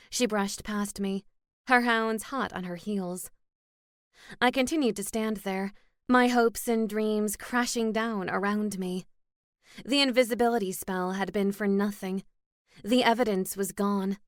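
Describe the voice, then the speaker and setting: Female audiobook narrator, steady and wry, dry studio sound. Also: medium pitch, a little slow, no echo. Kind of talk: scripted first-person narration.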